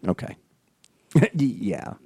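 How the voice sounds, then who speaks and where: Man, casual co-host chat, low-ish pitch, quick animated delivery, frequent laughs, dry recording. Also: gravelly, husky, no echo. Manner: animated, laughs often, fast talker. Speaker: podcast co-host. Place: Los Angeles area.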